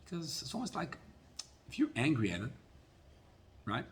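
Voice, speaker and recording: A man teaching a Torah class as a rabbi, telling a story in an animated way and often repeating words. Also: medium pitch, normal speed, a little hiss or hum.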